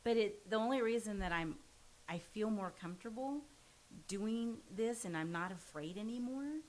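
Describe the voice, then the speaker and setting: A woman's voice: medium pitch, lively intonation, normal speed, darkish tone, slight background noise, rough recording. A woman in her forties, a podcast guest, telling a personal story in an earnest, forthright way. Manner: earnest and forthright, self-described pushy. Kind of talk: candid storytelling in casual conversation.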